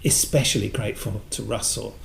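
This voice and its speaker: On a podcast, a voice actor guest shares chatty anecdotes, animatedly imitating the people he quotes. He speaks a little fast, with a lowish voice and vocal fry, recorded in an echoey room.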